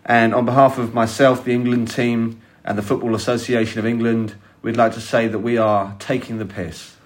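A man's voice: medium pitch, level tone, moderate pace, close to an everyday voice. A man playing a stiff male football manager who reads out a formal statement.

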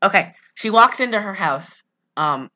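Bright-voiced giggly young woman. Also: medium pitch, animated, muffled recording. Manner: giggly, swears, acts out lines in quick impressions. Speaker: podcast co-host. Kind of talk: casual chat recapping a story.

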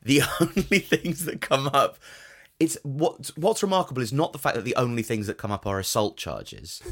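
A man's voice: medium pitch, very animated, normal speed, fairly bright tone. A man co-hosting a comedy podcast, rambling and giggly in casual chat. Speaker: podcast co-host.

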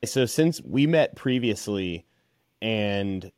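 A man hosting a podcast, chatting in a relaxed, conversational way with many fillers. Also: on the low side, slow, no room sound, clean studio sound. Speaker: podcast host. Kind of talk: casual interview chat.

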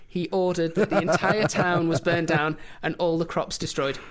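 A man co-hosting a casual history podcast, telling the story with a dry, deadpan, sarcastic manner. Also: a little high, normal speed. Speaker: podcast co-host.

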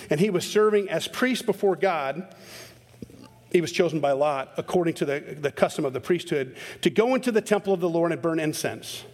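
Animated and prone to interrupting himself, this pastor jumps into abrupt high-pitched bursts to act out quotations as he preaches. His voice trails off into a long reverb tail.

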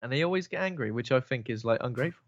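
A man's voice: medium pitch, very fast. Joking man on a dull, lo-fi mic. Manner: joking, absurd deadpan asides, swears freely. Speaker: podcast co-host. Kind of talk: casual chat.

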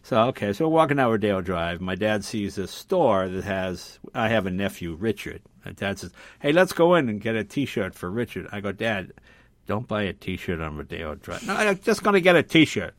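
An older man telling casual stories as a podcast guest, acting out the other voices with loud shouts. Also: on the low side, normal speed, dry recording. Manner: animated storyteller, acts out voices loudly. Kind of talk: casual storytelling.

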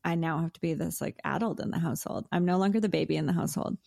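Low-voiced woman podcast co-host, chatty. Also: very fast, vocal fry, warm tone, dry recording, clean studio sound. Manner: rambling, laughs easily, lots of filler words. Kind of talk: casual chat.

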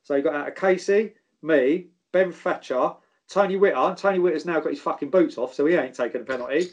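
A man, a former footballer, telling animated anecdotes and swearing freely. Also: a little high, a little fast, muffled recording. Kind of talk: casual storytelling.

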